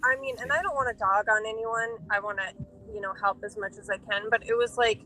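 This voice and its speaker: A woman with a bright, higher-pitched voice chats in an animated, blunt manner and swears freely. She talks as an editor sharing frank opinions. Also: brisk, faint music behind, poor audio. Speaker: editor and podcast guest. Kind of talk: casual chat.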